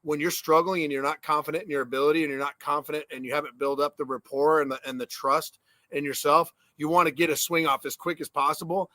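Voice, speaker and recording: Bright-voiced former ballplayer, animated. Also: male voice, fairly high pitch, fast talker, no room sound. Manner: animated storytelling with swearing and laughs. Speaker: podcast co-host, former ballplayer. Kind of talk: casual sports chat.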